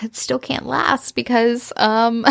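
A woman co-hosting a podcast, casually recapping a romance novel with lively retelling and plenty of swearing. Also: on the high side, slow, vocal fry. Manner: swears freely, animated retelling. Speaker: podcast co-host. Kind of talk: casual book recap chat.

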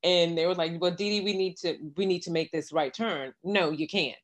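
A middle-aged woman with a lowish voice recounts a story in easy conversation. She acts out the back-and-forth she quotes, and her telling is lively and conversational. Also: moderate pace. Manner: animated retelling with quoted exchanges. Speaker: guest. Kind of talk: casual storytelling.

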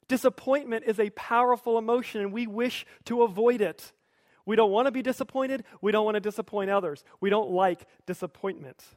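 High-voiced man preaching a sermon. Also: brisk, dry recording, studio quality. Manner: conversational, lightly humorous storytelling. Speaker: pastor.

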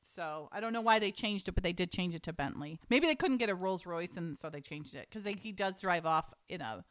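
A woman's voice: lowish voice, animated, fairly quick, a bit bright. Chatty woman podcast host. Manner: chatty and amused, recaps scenes, reads dialogue. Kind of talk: casual chat, reading script lines aloud.

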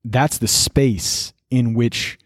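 A young man, a seminarian co-hosting a podcast, talking through faith topics in an earnest, explanatory and gently preachy way. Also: medium pitch, fairly even intonation, extremely slow, no echo, clean studio sound. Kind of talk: casual faith discussion.

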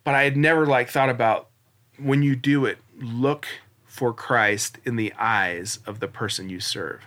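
A man's voice: medium pitch, a little slow, a bit bright. A man in his forties, a podcast guest, earnestly telling a personal story in a rambling way, full of restarts and fillers. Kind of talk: casual storytelling interview.

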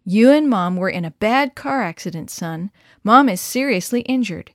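A calm, faithful father talks gently and steadily in a storybook reading, as a woman puts him on. His voice stays close to the reader's own middle pitch. The sound is dry, with no echo. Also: moderate pace, close to an everyday voice. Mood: reassuring. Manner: steady, reassuring.

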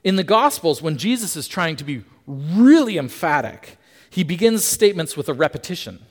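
Male preacher with a bright, swooping delivery and a conversational sermon style, heard in a church hall with a lingering echo. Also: on the high side, moderate pace. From Canada. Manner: lively, emphatic, asks the congregation questions.

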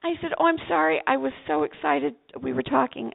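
An older woman from Vermont, a pastor's wife, telling a story and acting out the dialogue with lively delivery. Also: high-pitched, fairly quick, gravelly, narrow, tinny audio. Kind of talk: storytelling testimony.

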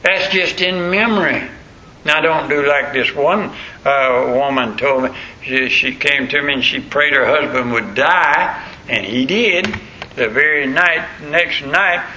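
Older male preacher, folksy and rambling, fairly high bright voice, muffled lo-fi recording with faint hiss. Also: a little slow. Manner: folksy, rambling storytelling with colloquial grammar. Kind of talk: sermon.

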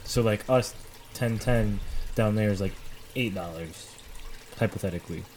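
Brief: mellow, low male co-host, relaxed and agreeable, faint hum behind. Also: moderate pace. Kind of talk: casual chat.

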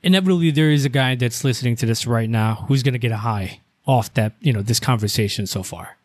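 A man's voice: mid-range voice, quick pace, a little mellow, no echo, studio quality. A man co-hosting a podcast who asks long scenario questions and keeps checking with "right?". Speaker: podcast co-host. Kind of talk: podcast interviewing.

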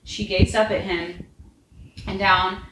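A woman's voice: medium pitch, little pitch movement, slow, heavy background noise. A woman podcast host reading fan fiction aloud, storytelling steadily with a few slips and restarts. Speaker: podcast reader. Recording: roomy room echo.

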